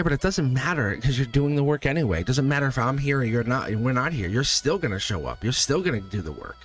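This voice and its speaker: Animated man reading tarot live. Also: medium pitch. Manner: animated, talks straight to viewers, laughs often. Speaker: tarot reader and live stream host.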